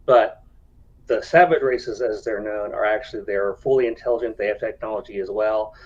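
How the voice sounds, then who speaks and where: A man's voice: lowish voice, moderate pace, a little mellow, muffled recording. A man guest on a video call, explaining his game setting in a plain, explanatory way.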